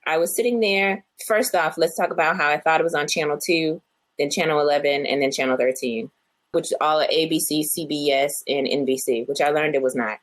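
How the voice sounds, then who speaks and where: A woman co-hosting a casual podcast chat, telling stories and acting out her own thoughts in quotes. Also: deep voice. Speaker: podcast co-host.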